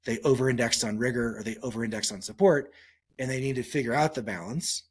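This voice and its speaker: A male psychologist answering interview questions on a podcast, telling stories and acting out quotes with sudden pitch jumps. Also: fast, breathy edge. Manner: animated storytelling, acts out quotes with pitch jumps. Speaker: psychologist guest.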